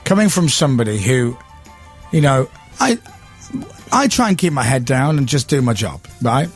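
A man's voice: mid-range voice, very animated, normal speed, faint music behind. A man hosting a radio show, talking in gobby, teasing banter. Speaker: radio host. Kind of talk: casual chat. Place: radio studio.

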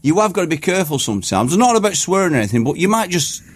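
A middle-aged man, a guest on a radio show, rambling through casual banter with a lot of restarts and quick laughs. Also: fairly high pitch, big pitch swings, no echo. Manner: rambling, self-interrupting storyteller, quick to laugh.

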